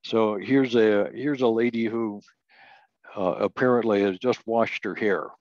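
An older man teaches doctrine in a slow, careful lecture, pausing on "uh" as he works through scripture. His voice sits on the lower side. The recording is dry and dull, with a lo-fi sound. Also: steady tone, a little mellow, no echo. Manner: slow, deliberate, reads scripture aloud, frequent "uh" restarts. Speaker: Bible teacher. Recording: dull lo-fi audio.

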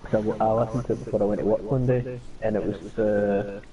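A man streaming a game with friends, telling animated, swearing, laughing stories in casual chat. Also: lowish voice, quick pace, far from the mic, muffled recording.

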